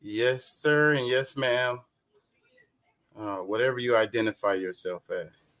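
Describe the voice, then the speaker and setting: A man's voice: medium pitch, measured pace, a bit bright. A young man hosting a casual livestream chat, rambling, swearing and flustered. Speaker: show host.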